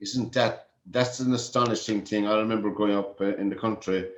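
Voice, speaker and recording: A man's voice: fairly low pitch, fairly even intonation, fairly quick. A man with an Irish accent, hosting a talk show and interviewing his guest in an affable, chatty way. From Ireland. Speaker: host. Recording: echoey, muffled room mic.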